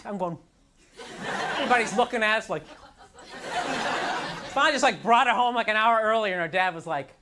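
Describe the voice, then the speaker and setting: A stand-up comic with a high voice, lively intonation and a fairly quick pace performs in a comedy club, leaving long pauses. His set is self-deprecating and exasperated, heavy on "like" and "you know," and the live recording carries crowd laughter and background noise.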